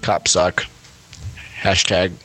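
Sarcastic bright-voiced podcast man. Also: low-pitched, little pitch movement, drawn-out words, soft background music. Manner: joking, sarcastic, rambling with fillers. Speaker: podcast co-host. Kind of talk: casual political podcast banter.

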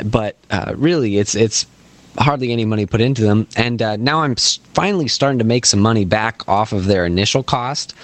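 A man's voice: lowish voice, dry recording. A man co-hosting a podcast, talking casually about his farm with frequent fillers and restarts. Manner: hesitant, many fillers and restarts. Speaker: podcast co-host, farmer. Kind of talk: casual chat.

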